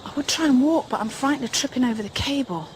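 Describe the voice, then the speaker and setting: Amid a noisy background, a woman with a high, lively voice speaks quickly while presenting a paranormal show alone in a dark forest. She whispers fearfully to the spirits, jumps at things, and lets out nervous bits of humour.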